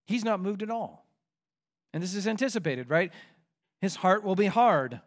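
A man preaching an expository sermon in an animated, conversational way as pastor. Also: high-pitched, normal speed.

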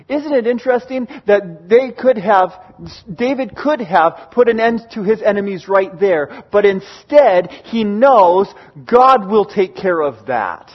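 A man with a notably high voice preaches a sermon, telling the story with animated energy and quick bursts of acted-out characters. The recording is slightly dull and lo-fi. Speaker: pastor.

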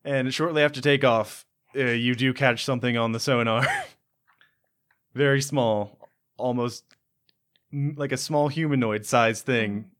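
A man running a tabletop game as game master, describing scenes in a halting way with many fillers. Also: mid-range voice, fairly bright tone.

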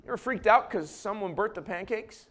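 A pastor preaching in a church, talking to his congregation as if chatting with friends. His voice sits a little high for a man and swings widely up and down, dropping low for quiet confessions and rising for punchlines. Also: brisk. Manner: animated, joking asides to the congregation. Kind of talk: conversational sermon. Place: church before a large congregation.

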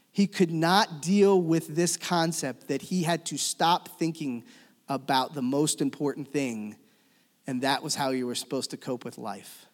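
Pastor guy preaching, kinda high voice, big echoey hall, goes loud then real quiet. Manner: dramatic shifts between loud emphasis and hushed tones. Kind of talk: sermon. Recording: long reverb of a church hall.

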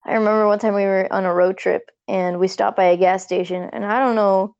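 A woman's voice: medium pitch, fairly even intonation, a little fast, darkish tone, smooth, lo-fi sound. A woman chatting casually on a podcast, telling anecdotes with frequent giggles. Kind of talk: casual chat.

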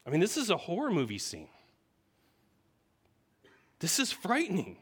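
A man preaching a sermon, telling the story vividly and often checking in with the listeners with a quick "right?". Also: high voice, huge pitch swings, fairly bright tone, husky.

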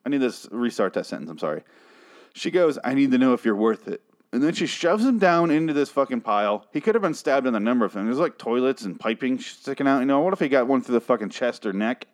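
A man's voice: medium pitch, animated, fast. An irritated man rants through a recap of a TV episode. He swears freely, talks in loose, casual bursts and backtracks to restart his sentences.

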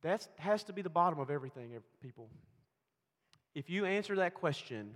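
A man preaching a sermon, swinging between loud emphatic lines and hushed, quiet storytelling. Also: fairly high pitch, lively intonation, a little fast. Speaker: pastor. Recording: long hall reverb.

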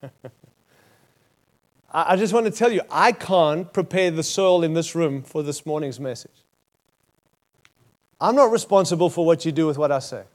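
A man's voice: a little high, moderate pace, long pauses. A man with an Australian accent preaching a sermon as pastor, emphatic and building to punchy repeated phrases.

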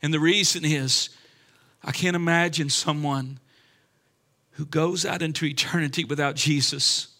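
A man's voice: a little high, steady tone, measured pace, pushed and bright. A man preaching a sermon with impassioned delivery and frequent restarts. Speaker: pastor.

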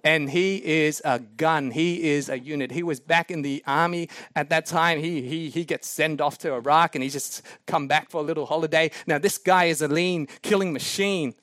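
High-voiced man telling a sermon story. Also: normal speed, few pauses, no echo, clean studio sound. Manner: animated, self-mocking anecdotes with laughs. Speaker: preacher.

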